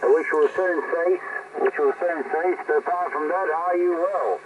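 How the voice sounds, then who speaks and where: A man's voice: fairly high pitch, normal speed, lo-fi sound. An Australian man speaking over amateur radio, bantering and using radio slang. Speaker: amateur radio operator on the other end. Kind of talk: casual ham radio chat. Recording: distant noisy radio transmission.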